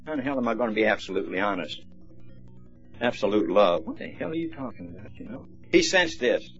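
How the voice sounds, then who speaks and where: A man's voice: lowish voice, big pitch swings, fast talker. A man speaking at a recovery meeting, telling stories in a folksy, plainspoken way. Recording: dull lo-fi recording, faint music.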